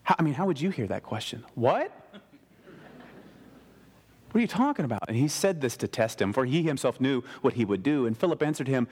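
A man preaching a sermon as a pastor, animated, slipping into casual modern voices for biblical characters. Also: medium pitch, fast, few pauses, breathy edge, in a large hall.

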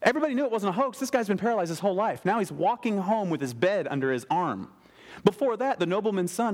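A man preaching a sermon as a pastor, animated, slipping into casual modern voices for biblical characters. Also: sits high, quick pace, long reverb tail.

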